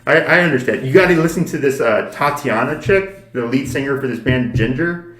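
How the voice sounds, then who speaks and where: A man's voice: mid-range voice, expressive, fairly quick, fairly bright tone. Teasing, laughing man in an echoey room. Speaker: podcast co-host. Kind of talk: casual chat.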